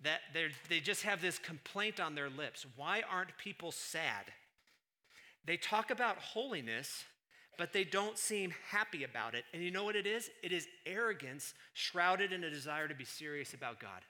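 A man preaching a sermon as pastor, moving between quiet, low asides and loud, emphatic stretches. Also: lively intonation, moderate pace.

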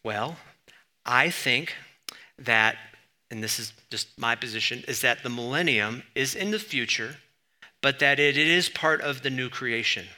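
A man's voice: mid-range voice, a little slow, sharp tone. A man preaching a sermon, teaching in a conversational way with sudden bursts of emphasis. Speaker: pastor.

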